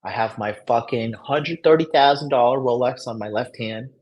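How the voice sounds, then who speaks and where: A man's voice: mid-range voice, moderate pace, a little mellow, poor audio. A man telling a story casually, boastful and full of swearing, recorded in a private hospital room. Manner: profane, boastful, heavy swearing. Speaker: dating coach vlogger.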